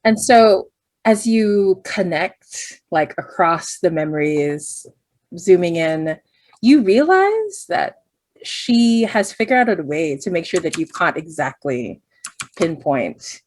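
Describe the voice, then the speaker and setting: A woman's voice: fairly low pitch, slow, darkish tone, dry recording. A woman running a tabletop role-playing game as game master, describing scenes and thinking aloud with many fillers.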